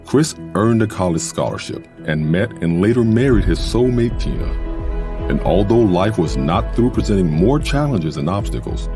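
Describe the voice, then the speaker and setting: A man giving a solemn, scripted narration for a book trailer, with music behind him. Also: deep voice.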